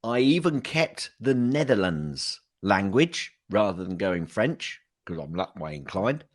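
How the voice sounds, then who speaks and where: A man's voice: on the low side, big pitch swings, unhurried. A man co-hosting a podcast in casual chat, chatty and laughing often, with frequent stumbles and restarts. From United Kingdom. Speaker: co-host.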